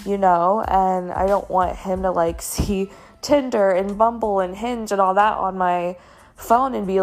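A woman's voice: medium pitch, a little mellow. A young woman hosting a podcast, telling a candid personal story in a rambling way with many fillers. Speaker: podcast host.

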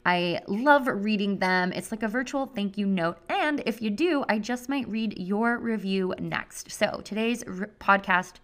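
A woman's voice: mid-range voice, measured pace, few pauses, a bit bright. A woman hosting her own podcast as a health coach, talking in a chatty, effusive way full of "like" fillers. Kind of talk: casual solo podcast talk.

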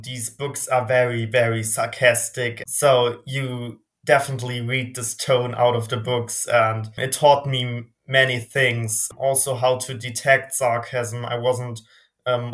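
A man's voice: medium pitch, level tone, a little slow, a bit bright. Young German-accented man, earnest guest. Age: young adult. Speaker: podcast guest. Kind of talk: casual chat.

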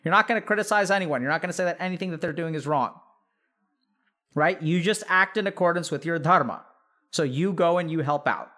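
A man with a notably high voice hosts an advice podcast in a casual, off-the-cuff monologue. He talks animatedly, leans on "like" and "right?", and keeps breaking into quick impressions of the people he describes. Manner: animated, acts out imagined family members mid-sentence; frequent fillers "like" and "right?". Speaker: podcast host giving advice.

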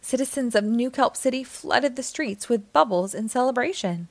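Lady reading a kids book out loud, expressive, higher voice, dry sound. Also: normal speed, few pauses, no room sound. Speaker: children's book reader. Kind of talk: read-aloud storybook narration.

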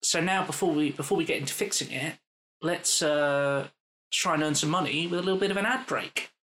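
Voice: medium pitch, a little fast, fairly bright tone. A podcast co-host chatting casually and wryly about films, then leading into the ad break. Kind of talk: casual chat, reading ads.

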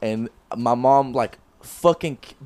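A man's voice: medium pitch, slow pace, no echo. A young man co-hosting a podcast, telling a story in casual chat, swearing often and acting out what others said. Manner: animated, swears a lot, acts out quotes. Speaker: podcast co-host. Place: small room, close mic.

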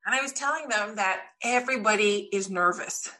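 A woman guest in a casual interview, telling lively stories and acting out what people said. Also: medium pitch, a little fast. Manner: lively storyteller, acts out quotes. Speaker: podcast guest.

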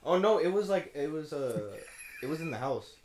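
A man's voice: on the high side, very animated, normal speed, a little mellow. A young man co-hosting a podcast, telling stories in a casual, profane, rambling way with many restarts. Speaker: podcast co-host. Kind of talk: casual chat.

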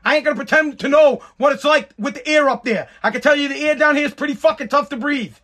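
A content creator with a strikingly high-pitched, bright, forceful voice rants quickly and loosely, swearing freely and mocking with sarcasm. He sounds tired and worn out after a long workday in this casual, rambling monologue.

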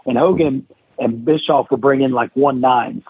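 A man's voice: medium pitch, moderate pace, slightly rough, no room sound. A middle-aged man, a former wrestler, casually telling anecdotes as a podcast guest and acting out what others said. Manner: animated anecdote-telling, acts out others' lines. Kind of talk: casual storytelling interview. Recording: tinny phone-like line, dry.

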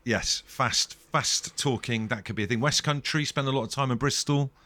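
A man's voice: medium pitch, brisk, pushed and bright, no room sound. A man hosting a podcast in rambling, jokey casual chat. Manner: rambling, jokey, self-deprecating. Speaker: podcast host.

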